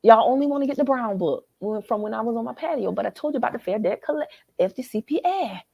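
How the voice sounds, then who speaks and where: A Southern woman hosts a live chat, husky and a little raspy, her pitch leaping up and down as she gets worked up. She talks straight to her viewers, and the sound is close and dry. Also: expressive, fast, a little mellow, no echo. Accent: Southern American. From American South. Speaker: livestream host. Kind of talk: animated live chat reading comments. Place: hotel lobby.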